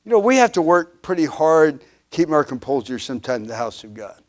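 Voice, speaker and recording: His fairly high voice has a sing-song quality and moves fairly quickly. He's a pastor in his fifties preaching a sermon, with emphatic repeated refrains, frequent restarts and "uhs," and volume that swells and drops.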